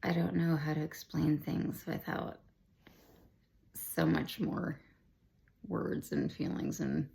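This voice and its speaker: A woman in her twenties telling a personal story to the camera, rambling and emotional, with many restarts and a gravelly voice. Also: sits low, steady tone, takes it slowly, long pauses, warm tone. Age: 20s. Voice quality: gravelly vocal fry. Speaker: vlogger sharing her cancer diagnosis.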